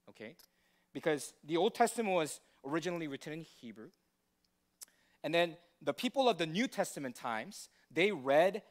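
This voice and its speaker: Male pastor preaching, high voice that swings all over, keeps asking the room if they follow. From United States. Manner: questioning, teacherly, checks in with the congregation. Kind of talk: sermon.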